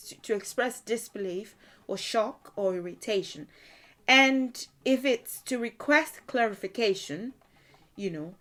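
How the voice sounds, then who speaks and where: A woman gives a relaxed video language lesson in an easy, conversational tone. She fills her explanations with "you know" and laughs often as she works through examples. Her voice sits at an ordinary middle pitch. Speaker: language teacher.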